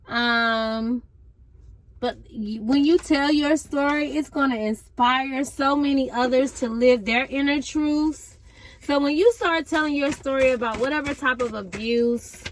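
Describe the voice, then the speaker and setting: A woman with a high, bright-pitched voice runs a casual tarot reading for her viewers. She sounds amped and energetic, chatting loosely and full of slang as she speaks to the audience. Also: slight background noise. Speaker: tarot reader.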